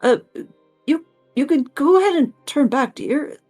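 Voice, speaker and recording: A woman's voice: high voice, expressive, a little slow, a little mellow, faint music behind, pitched above the performer's own voice. A woman voicing a kindly, fussy elderly man wrapped in cloths, stammering and doting in a tabletop game. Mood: relieved.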